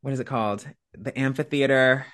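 A woman being interviewed, telling a story in a lively, profane way and acting out other people's lines. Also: extremely low pitch, brisk. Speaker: interview guest. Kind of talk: casual storytelling chat.

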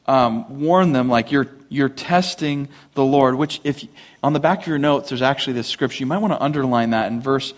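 A man preaching a sermon, animated, asking rhetorical questions and acting out the voices of complainers. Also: medium pitch, fairly quick. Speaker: pastor.

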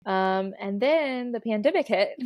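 A woman in her thirties speaks at a measured pace in a medium-pitched, expressive voice. As a doula guest on a podcast, she tells her birth story casually, with plenty of laughs and fillers. There's no echo, though the highs are cut off.

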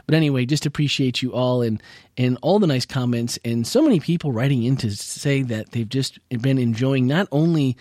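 A podcast host with a mid-range, slightly mellow voice talks at normal speed on a dry, studio-quality recording. Still recovering from losing his voice, he rambles through a casual chat, correcting himself and chuckling often.

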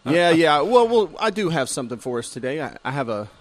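Pastor guy chatting on a podcast, voice swings up and down a lot, playful. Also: fairly high pitch. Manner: animated and playful, reads quotes slowly. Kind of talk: casual podcast chat.

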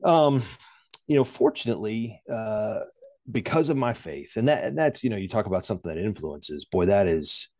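Very deep-voiced man, rambling and candid. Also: sing-song, normal speed, mellow, no room sound, clean studio sound. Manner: rambling, many fillers and restarts; self-deprecating humor. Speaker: podcast guest. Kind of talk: casual conversational interview.

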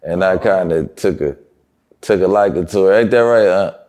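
A man's voice: low voice, normal speed, crowd noise. Profane, laughing male storyteller. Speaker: guest. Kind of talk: casual storytelling interview.

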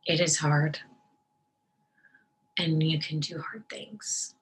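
Teary woman vlogging, kinda low voice, super slow and halting, keeps going breathy and whispery. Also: poor audio. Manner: soft, halting, often drops to a breathy whisper; slow, hesitant delivery with long pauses. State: tearful, crying. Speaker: vlogger sharing her faith. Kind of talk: emotional personal video diary.

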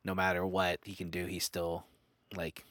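A man's voice: low-pitched, completely flat delivery, normal speed, a bit bright, dry recording. A young man in casual book talk, rambling with many fillers and restarts. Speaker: book discussion co-host.

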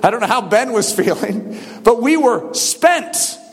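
Male preacher, high and animated, loud exhortations, big hall reverb. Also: measured pace. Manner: swings from quiet to shouted exhortation. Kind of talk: sermon.

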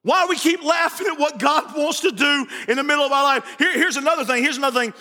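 A man preaching a sermon, telling stories with lots of repetition and shouting some words for emphasis. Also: very high voice, fast talker, few pauses. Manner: animated storytelling, repeats phrases, shouts for emphasis. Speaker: pastor. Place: church sanctuary. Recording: long hall reverb from the sanctuary.

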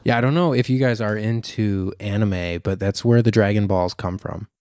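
A man's voice: lowish voice, moderate pace, darkish tone, dry recording, studio quality. A man co-hosting a casual podcast chat, rambling and joking. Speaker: podcast co-host.

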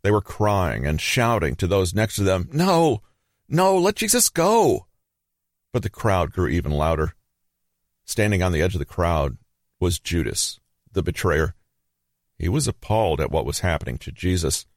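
A man narrating a scripted Bible story in a measured, grave manner, letting pauses hang between phrases. His voice sits very low. The sound is close and dry, with no room echo.

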